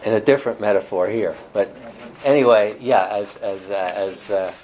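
A man's voice: lowish voice, moderate pace, darkish tone, a little hiss or hum. Man teaching a small Bible study. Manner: thoughtful, with many fillers and restarts.

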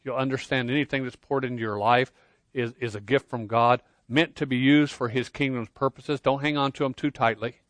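A man preaching a sermon, earnest, swinging between loud emphasis and quiet intensity, often repeating words as he starts a phrase. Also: mid-range voice, fairly even intonation, fairly quick, dry recording. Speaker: pastor.

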